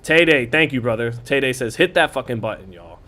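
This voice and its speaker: A man's voice: mid-range voice, lively intonation, sharp tone. A man hosting a live boxing watch-party stream, chatting casually, reading viewer comments aloud and calling the fight punch by punch. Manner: quick play-by-play calling of punches.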